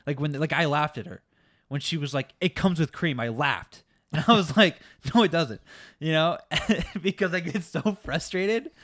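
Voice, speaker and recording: A young man co-hosting a casual podcast, telling a work story in a profane, exasperated, animated way. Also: fairly high pitch, normal speed, no echo, clean studio sound. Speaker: podcast co-host.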